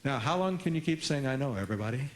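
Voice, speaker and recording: A man's voice: mid-range voice, lively intonation, fast, roomy sound. A man giving a humorous parenting seminar who acts out dialogues and prompts the audience to answer. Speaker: parenting workshop speaker. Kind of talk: seminar talk with audience call-and-response.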